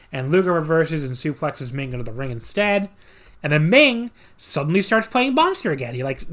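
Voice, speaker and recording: A man's voice: a little high, fairly bright tone. A man co-hosting a podcast, casually recapping a wrestling match with dry sarcasm and many fillers.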